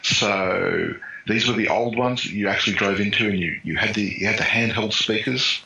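A man's voice: lowish voice, moderate pace, creaky, bright, forceful tone. A man in his fifties with an Australian accent, a podcast guest telling stories in casual chat. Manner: chatty storyteller. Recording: echoey room with faint noise.

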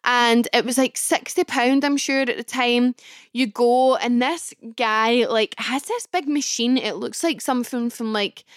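A young Scottish woman with a Glasgow accent talks through a personal story on her podcast. Her voice sits fairly high and comes across smooth and clear. The sound is dry and close, with no room around it. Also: measured pace, no echo. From Scotland. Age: early 20s. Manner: chatty, expressive, exaggerates for comic effect. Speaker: podcast host. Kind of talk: casual storytelling monologue.

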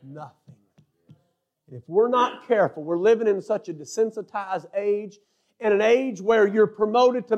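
High-voiced preacher. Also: male voice, moderate pace, muffled recording. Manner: preaching with rising, shouted emphasis and asides. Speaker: pastor. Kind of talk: sermon.

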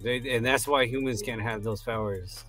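A man's voice: medium pitch, fairly even intonation, moderate pace, fairly bright tone, faint music behind. A man co-hosting a podcast, chatting loosely and swearing casually as he reacts to the episode. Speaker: podcast co-host. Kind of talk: casual recap chat.

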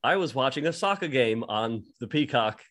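A man's voice: medium pitch, expressive, normal speed, a bit bright, lightly acted. A man doing a dry old Liverpool Lennon. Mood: wry. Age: 70s. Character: elderly John Lennon impression, dry and rambling. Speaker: host. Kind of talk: improvised comedy podcast impression.

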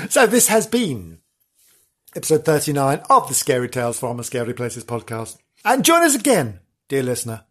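A man's voice: medium pitch, big pitch swings, normal speed, pauses often. A man signing off his podcast as host, chatty and self-mocking. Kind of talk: casual podcast sign-off.

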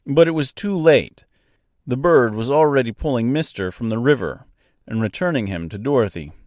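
A man's voice: medium pitch, expressive, normal speed, darkish tone, no echo, clean studio sound. A man narrating a storybook in a wry, dryly humorous way. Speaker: audiobook narrator.

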